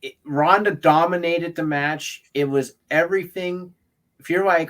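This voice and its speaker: Higher-pitched man chiming in agreeably. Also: normal speed, a bit bright. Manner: agreeable, chiming in with short affirmations. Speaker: co-host. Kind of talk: casual chat.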